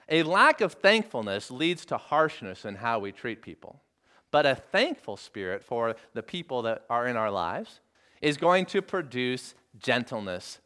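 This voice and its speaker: Earnest preacher with a lively, swinging voice. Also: male voice, a little high. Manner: earnest, addresses listeners with rhetorical questions; emphatic repetition of phrases. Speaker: pastor. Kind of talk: sermon.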